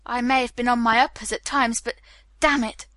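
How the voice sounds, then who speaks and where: A calm but stubborn Englishman who keeps his answers short and guarded, as a woman reads him. The voice is bright and a bit high, close to the mic in a dry space. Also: normal speed, no room sound, lightly acted. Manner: clipped, guarded refusals.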